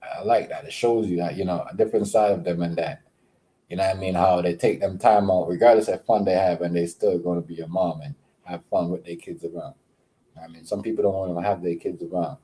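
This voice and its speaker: A man hosting a casual livestream, rambling with many fillers and repeated words, giving shout-outs to viewers. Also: low voice, steady tone, fairly quick. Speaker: livestream host.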